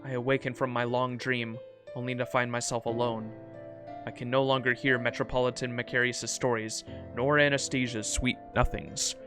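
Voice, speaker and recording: A proud, defiant ancient emperor broods over his fallen world in a grave, measured voice, as a man reads him out. The reading sits at an ordinary male pitch, with game music playing clearly underneath. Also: little pitch movement, a bit bright, close to an everyday voice. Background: background music.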